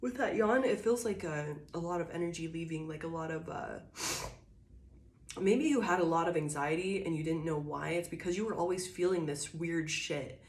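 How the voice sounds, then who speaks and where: Woman doing a chill tarot reading, kinda low voice, laughs and cusses a lot, gets loud then goes quiet. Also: normal speed. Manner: laughs often, swears casually; shifts from loud bursts to quiet musing. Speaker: tarot reader. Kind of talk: casual channeled tarot reading.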